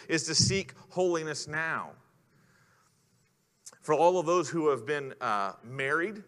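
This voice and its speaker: A man's voice: a little high, fairly bright tone. A man preaching a sermon in an earnest way, putting questions to the congregation. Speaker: pastor. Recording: long hall reverb.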